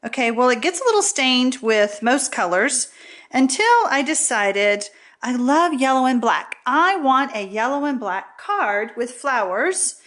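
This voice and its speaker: A woman's voice: sits high, animated, measured pace, a bit bright. A woman demonstrating a paper craft in a casual, chatty tutorial, often checking in with "okay?". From Texas.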